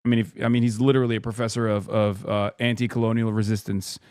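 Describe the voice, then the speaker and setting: A man's voice: flat delivery, a little mellow, no room sound. A man in his thirties hosting a casual livestream, blunt and profane, reacting to chat and videos on a close mic. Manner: blunt, profane, mocking, fast asides; jumps into high sarcastic voices to mimic others.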